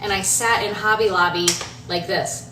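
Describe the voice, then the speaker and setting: A woman's voice: mid-range voice, steady tone, moderate pace, music in the background. A woman in her thirties chatting casually to her followers in a rambling way, full of fillers and restarts. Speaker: home renovation designer and social media creator. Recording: somewhat distant from the mic, faint room noise.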